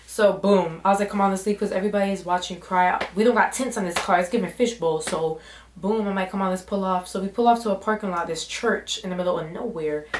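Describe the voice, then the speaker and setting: A young woman telling a storytime vlog, animated and full of slang, jumping into little voices for everyone in the story. Her voice sits at a middle pitch and rings in a bare, echoey room. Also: a little fast, a little hiss or hum. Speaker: vlogger.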